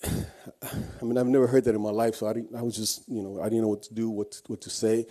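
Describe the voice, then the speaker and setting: A man's voice: on the low side, level tone, a little fast, dark tone. A man giving an earnest personal testimony, telling his story with frequent restarts. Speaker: guest speaker.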